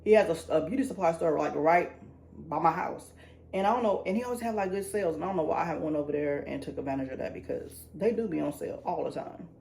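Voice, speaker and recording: A woman's voice: sits low, fast, vocal fry, darkish tone. A woman talks through a wig-dyeing job at home. She is chatty and jittery and keeps laughing at herself. Her voice bounces around a reverberant room, with a light ambient hiss underneath. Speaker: beauty vlogger. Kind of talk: casual talk-along tutorial. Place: indoor room at a sink. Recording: echoey room with faint ambient noise.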